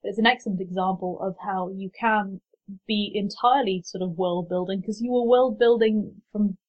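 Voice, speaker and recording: A woman's voice: medium pitch, normal speed. Woman, podcast host, chatty and eager, slightly dull lo-fi sound. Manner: chatty, enthusiastic, lots of restarts. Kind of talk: casual podcast chat.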